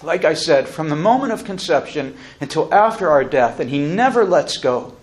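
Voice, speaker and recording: A man giving an earnest, solemn spoken testimony, speaking deliberately with pauses and restarts. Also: fairly high pitch, expressive.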